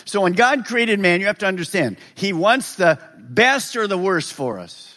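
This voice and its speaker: A male pastor preaching a sermon, animated and joking, asking the congregation rhetorical questions. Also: high-pitched, normal speed, few pauses. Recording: long hall reverb.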